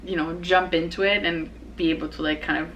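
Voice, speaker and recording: Chatty young woman, lowish voice. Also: fairly even intonation, fairly quick, fairly bright tone, slight background noise, poor audio. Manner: rambling, chatty, many fillers and restarts; laughs easily. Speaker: podcast host. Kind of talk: casual personal chat.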